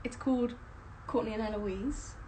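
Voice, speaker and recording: A woman's voice: on the high side, moderate pace, mellow, slight background noise, low-quality recording. A young woman, a stage performer, rambling chattily with lots of fillers on a casual live stream.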